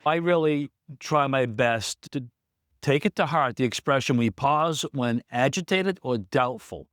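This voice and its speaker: A man's voice: mid-range voice, a little slow, a bit bright, no room sound, studio quality. A man who runs a small business, telling a candid personal story in a vlog, plain-spoken and reflective. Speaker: small business owner in recovery.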